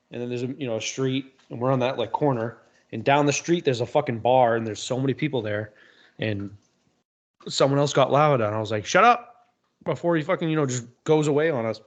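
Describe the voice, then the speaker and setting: A man's voice: mid-range voice, dull audio. Swearing, rambling man telling stories. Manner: loose storytelling, swears often. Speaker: podcast guest. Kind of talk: casual chat.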